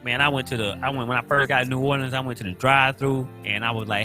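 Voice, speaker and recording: Playful Southern man, bright voice. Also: mid-range voice, fairly even intonation, fast, few pauses, faint music behind. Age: young adult. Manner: playful, teasing, acts out others' voices. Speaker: co-host. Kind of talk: casual chat.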